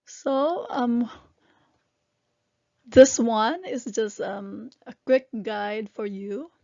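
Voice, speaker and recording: A woman from the Philippines teaching a language lesson, explaining words patiently syllable by syllable with frequent pauses and fillers. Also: a little high, creaky, warm tone, no room sound, highs cut off.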